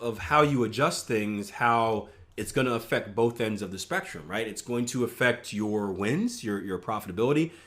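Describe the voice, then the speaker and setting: A man in the middle of his usual pitch range walks his listeners through a chart in a loose, conversational way. He keeps checking in with "right?" and mixes in teasing asides about himself as he explains. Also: fairly bright tone. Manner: conversational, many filler "right?" checks, self-mocking asides. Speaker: trading coach. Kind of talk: casual teaching over a screen share.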